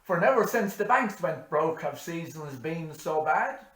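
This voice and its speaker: A man voicing a grumbling old farmer with a gruff, loud, complaining delivery. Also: a little high, sing-song, a little slow, pitched above the performer's own voice. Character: grumbling old Irish farmer, gloomy about the seasons. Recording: echoey room.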